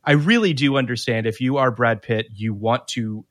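A man's voice: medium pitch, moderate pace. A man co-hosting a podcast in casual chat, opinionated and prone to stammering restarts. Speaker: podcast co-host.

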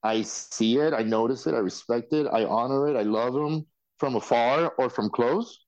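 Guest man, loose and enthusiastic, with a dull, low-fidelity sound. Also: moderate pace. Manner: effusive, excitable, loose and profane. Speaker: reality show alumnus guest. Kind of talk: casual podcast chat.

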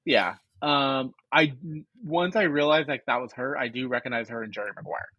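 A man's voice: medium pitch, normal speed, bright, forceful tone, no echo, muffled recording. A man in his twenties co-hosting a podcast, chatting casually through an episode recap with lots of fillers and teasing. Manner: rambling, filler-heavy, teasing. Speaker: podcast co-host.

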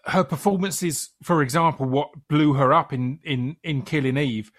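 A man interviewing a guest, enthusiastic and halting, restarting his questions often. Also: fairly high pitch. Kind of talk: interview conversation.

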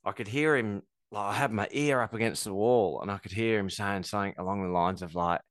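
A man's voice: fairly low pitch, fairly quick, no room sound, studio quality. A man, a podcast co-host and fighter, rambling casually through a story with many filler words.

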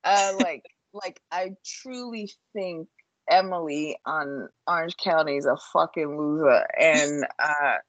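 Her voice sits low, and there's no room sound in the recording. She's a New York woman co-hosting a podcast, giving a casual, blunt, profane take on reality TV full of fillers.

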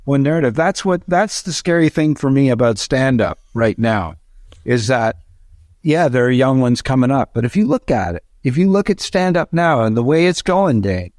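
A man, a stand-up comedian, chatting casually on a podcast in a rambling, animated way with frequent restarts. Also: mid-range voice, normal speed, no echo, clean studio sound.

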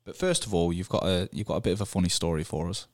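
Low-voiced male podcast host. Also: quick pace. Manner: relaxed, steers the chat with short prompts. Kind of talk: casual interview chat.

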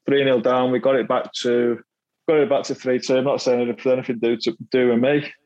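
On a muffled recording, a former footballer with a Mancunian accent, middle-aged and appearing as a podcast guest, tells stories at his own expense about his playing career in a casual chat. He speaks quickly in a flat, medium-pitched, darkish voice, laughing often and repeating himself.

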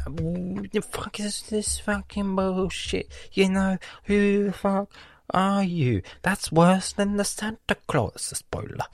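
A man from Lebanon delivering a profane comedic rant, swearing constantly and swinging from loud outbursts to hissed whispers. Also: fairly high pitch, lively intonation, measured pace, no echo, clean studio sound.

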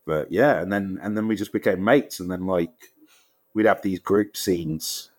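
A deep-voiced man with a London accent tells anecdotes on an interview podcast. He speaks casually and animatedly, slipping into quoted voices. The sound is dry and close. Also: measured pace, no room sound. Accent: London English. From England. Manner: animated storyteller, acts out quotes with jumps in pitch. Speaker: guest actor.

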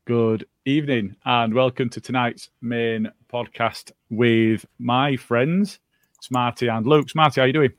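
A man hosting a casual football podcast, talking in a relaxed, rambling way with many fillers. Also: mid-range voice, unhurried, dry recording. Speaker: podcast host.

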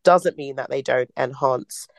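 A woman's voice: rumbling low, measured pace, creaky, no room sound. A woman in her late twenties co-hosting a podcast over a video call, playful and teasing, laughing often. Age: late 20s. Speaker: podcast co-host. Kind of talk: casual chat.

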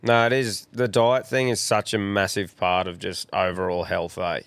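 A chatty Australian man with a lowish voice co-hosts a podcast, blunt and freely swearing. The sound is dry and close, with no room around it. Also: little pitch movement, moderate pace, fairly bright tone, dry recording. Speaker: podcast co-host. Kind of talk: casual crude banter.

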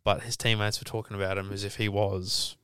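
A man's voice: lowish voice, flat delivery, brisk, fairly bright tone, clean tone, no room sound, studio quality. A young man, co-hosting a casual podcast and telling stories with emphasis, acting out the quotes inside them. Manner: storytelling, emphatic, acts out quotes. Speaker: podcast co-host. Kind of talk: casual chat.

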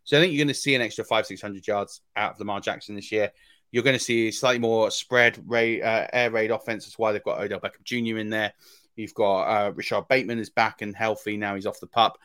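A man's voice: lowish voice, fairly even intonation, a little fast, a bit bright, no echo. A man co-hosting a fantasy football podcast, giving casual analysis with many ums and restarts.

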